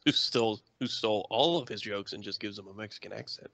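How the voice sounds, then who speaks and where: A man's voice: on the low side, quick pace, vocal fry, sharp tone. A man co-hosting a podcast, throwing in blunt, wisecracking remarks during crude banter. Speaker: podcast co-host.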